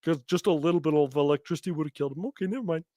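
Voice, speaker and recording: A man hosting a podcast, giving sarcastic, mocking commentary on clips he plays, with quick asides. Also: a little high, warm tone, no echo, clean studio sound. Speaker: podcast host.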